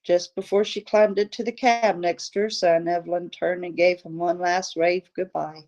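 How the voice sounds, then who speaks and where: A woman reading a novel aloud, telling the story in a steady, deliberate way. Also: on the low side, highs cut off. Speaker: audiobook reader, channel host.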